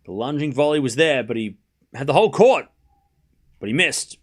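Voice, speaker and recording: A young man doing live play-by-play commentary on a tennis match for his stream. He is excitable, jokes with his chat and shouts at the big points. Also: mid-range voice, moderate pace.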